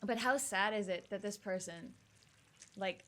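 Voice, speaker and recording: Young female game streamer, chatty and jumpy, mid-pitched, faint room hum behind. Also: unhurried, fairly bright tone. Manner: chatty, easily spooked, thinks aloud. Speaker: gaming streamer. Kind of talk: casual live-stream commentary.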